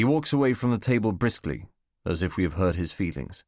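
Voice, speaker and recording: Deep-voiced man narrating an audiobook. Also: animated, fairly quick, a little mellow, no echo, studio quality. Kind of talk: first-person audiobook narration.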